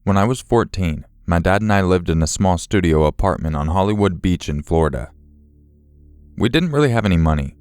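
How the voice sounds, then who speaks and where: Deep-voiced male horror story narrator. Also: a little mellow, clean tone, no room sound.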